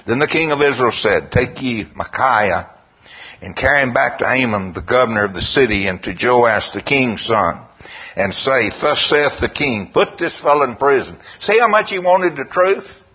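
Male preacher, husky, storytelling sermon, muffled lo-fi sound. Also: expressive. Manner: storytelling, quoting scripture in a slow, lowered voice. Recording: dull lo-fi recording.

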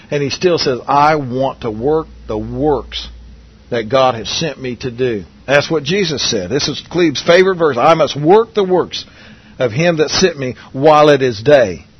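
A man's voice: on the high side, husky, highs cut off. A man preaching a Bible lesson in a conversational way, asking his listeners questions and often restarting his sentences. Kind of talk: Bible teaching sermon.

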